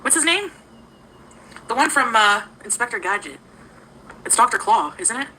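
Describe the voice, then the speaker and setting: A woman's voice: on the high side, very animated, moderate pace, sharp tone, slight background noise, poor audio. A woman talking casually on a livestream, greeting viewers by name and giggling often.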